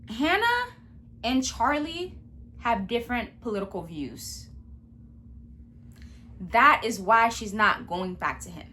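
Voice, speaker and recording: A woman vlogger talking in a blunt, profane and animated rant, speaking indoors in a room at home. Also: on the high side, slow, long pauses, slight background noise. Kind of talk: casual commentary rant.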